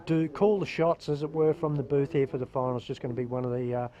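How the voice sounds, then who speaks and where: A man's voice: mid-range voice, steady tone, quick pace, dark tone, lo-fi sound. A man commentating live surfing from a booth, chatty and enthusiastic. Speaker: surf commentator.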